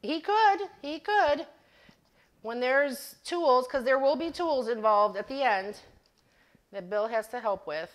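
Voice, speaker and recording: A woman's voice: high voice, animated, slow. A middle-aged woman hosting a DIY craft livestream, chatting casually and laughing at herself while she demonstrates. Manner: giggly, self-deprecating storyteller. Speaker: craft channel host.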